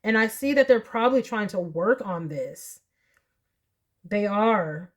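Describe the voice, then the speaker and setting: A woman gives a casual tarot reading to her viewers. She talks in a chatty, heartfelt way, often slipping into y'alls and likes, with a voice of ordinary pitch. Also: expressive, measured pace. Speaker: tarot reader.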